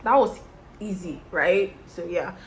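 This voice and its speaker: Doing her make-up, this young Nigerian vlogger tells a story and chats with her viewers in a Nigerian accent. Her voice sits on the low side and moves at a measured pace, lively and chatty, addressing the audience head-on over slight background noise.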